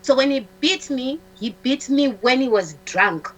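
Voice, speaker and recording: A woman's voice: high-pitched, lively intonation, measured pace, fairly bright tone, low-quality recording. Woman guest telling her own story, stops and restarts a lot, repeats words, plays out what people said. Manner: acts out the dialogue of others in her story. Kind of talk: personal storytelling on a talk show.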